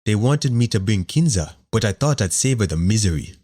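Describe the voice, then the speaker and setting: A male narrator plays a weary young nobleman in a fantasy audiobook. The voice sits very low and speaks dryly, with understated gloom. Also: lively intonation, a little fast, mellow, slightly rough. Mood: dry, glum. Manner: dry, understated. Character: weary young nobleman dreading family dinner.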